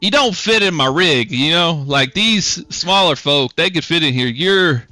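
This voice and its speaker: Man putting on a folksy rambling trucker, higher voice, bright, lively. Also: unhurried, dry recording, faint music behind. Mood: chatty. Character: chatty local male truck driver, easygoing.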